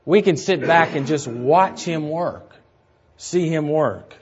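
A man's voice: on the high side, slow pace, darkish tone, highs cut off, slight background noise. A man preaching an expository sermon, teaching verse by verse and repeating key phrases for emphasis. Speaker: pastor.

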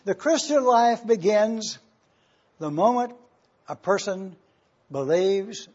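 A man preaching a sermon, teaching and emphatic, bursting into sudden excitement as he explains. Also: sits high, slow, lo-fi sound.

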